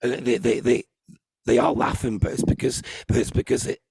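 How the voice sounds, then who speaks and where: A man hosting a casual group chat, talking in halting bursts full of restarts. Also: medium pitch, fairly even intonation, creaky, darkish tone, husky, no room sound. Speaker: host.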